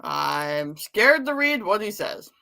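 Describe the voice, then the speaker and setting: A woman co-hosting a casual chat, mostly giving short, dry replies of agreement and quick jokes. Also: mid-range voice, very animated, creaky, sharp tone. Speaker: co-host.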